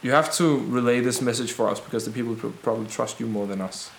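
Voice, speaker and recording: A man at a tabletop game who works through the party's plans in a mid-pitched, thoughtful voice. The recording is echoey, with faint hiss and rain. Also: fast talker, vocal fry. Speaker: player. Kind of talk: casual tabletop game chat.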